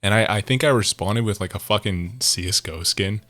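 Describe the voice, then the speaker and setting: A young man co-hosting a casual podcast, rambling and excitable, swearing and laughing loudly. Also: fairly low pitch, brisk, no echo. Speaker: podcast co-host.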